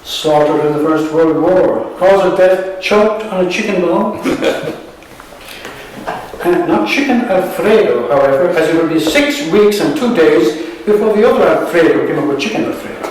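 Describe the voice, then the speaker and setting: A man's voice: on the high side, lively intonation, normal speed, darkish tone, far from the mic, a little hiss or hum. Wry Irish man in an echoey hall. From Ireland. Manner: wry and sardonic, chuckling at his own jokes. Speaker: poet. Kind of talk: poetry reading at a book launch. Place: museum hall at a live event. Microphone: room recording from a distance.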